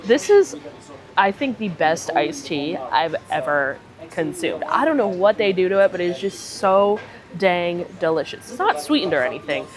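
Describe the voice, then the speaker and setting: A woman hosting a casual food vlog, chatty and upbeat as she reviews dishes. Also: medium pitch. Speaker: food vlogger host. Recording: crowd chatter behind. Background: crowd chatter on a cruise ship.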